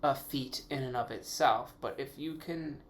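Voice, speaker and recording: A man's voice: mid-range voice, a little slow, slight background noise. A man hosting his own podcast, thinking aloud in a casual, rambling way, correcting himself as he goes and swearing now and then. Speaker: podcast host. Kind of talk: casual solo podcast musing.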